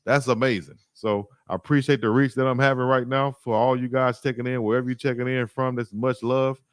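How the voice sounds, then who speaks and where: A man from Alabama, hosting a sports livestream, telling stories in a slangy, lively way and reading chat comments aloud. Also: mid-range voice, fairly quick, smooth, dry recording, clean studio sound. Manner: slangy, animated storytelling, reads chat aloud. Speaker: sports YouTube host.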